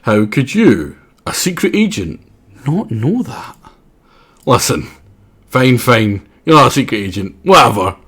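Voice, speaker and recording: A man's voice: medium pitch, sing-song, a little slow, a bit bright, husky, heavily acted. A man voicing a smug male cartoon game character who acts like a know-it-all, in amateur voice acting over a game stream. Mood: indignant.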